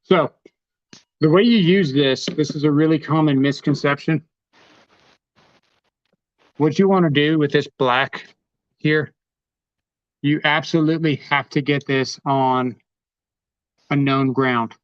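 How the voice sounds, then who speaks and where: A man's voice: on the high side, fairly even intonation, slow, pauses often, no echo. Chatty man in a dull lo-fi livestream. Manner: casual, chatty, talks while handling gear. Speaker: host demonstrating tools. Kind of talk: live tool demonstration.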